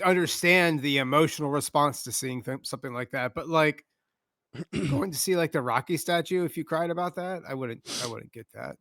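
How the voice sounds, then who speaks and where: A man co-hosting a casual podcast, laid-back and laughing, speaking in halting phrases. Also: mid-range voice, fairly bright tone, dry recording. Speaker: podcast co-host.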